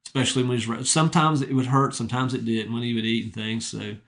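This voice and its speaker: A man's voice: mid-range voice, steady tone, fast. A middle-aged man, a retired wrestling coach, telling humble, straightforward stories in a casual interview. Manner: humble, straightforward, rambling anecdotes.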